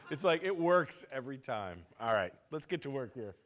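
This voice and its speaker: An energetic man gives a conference lecture, with a fairly high voice for a man. He jokes with the audience and keeps his delivery lively as he teaches. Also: brisk. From United States. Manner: joking, energetic, talks to the audience. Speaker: security instructor. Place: lecture room.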